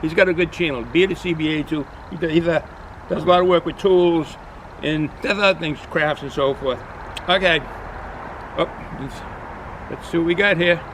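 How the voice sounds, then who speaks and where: A man's voice: fairly high pitch, moderate pace, fairly bright tone, slight background noise, low-quality recording. Rambling Boston man reviewing beer outdoors. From New England, US. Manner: rambling, chatty, repeats himself with frequent fillers. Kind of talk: casual beer review vlog. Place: outdoors in cold weather.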